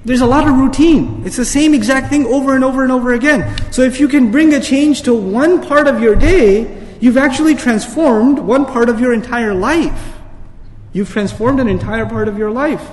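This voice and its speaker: A man's voice: extremely high pitch, moderate pace, darkish tone, big-room sound, slight background noise. A man giving an urgent religious lecture, pressing the audience with rhetorical questions and reciting Arabic verses. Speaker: Islamic speaker. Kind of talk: lecture sermon.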